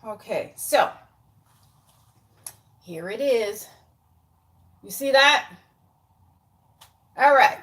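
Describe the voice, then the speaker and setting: Woman in her 40s, high voice, takes her time, sarcastic vlog rant w/ quiet mutters. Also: animated, extremely slow, pauses often. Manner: exasperated, sarcastic, drops into muttering asides. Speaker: YouTube commentator. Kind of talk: casual commentary vlog.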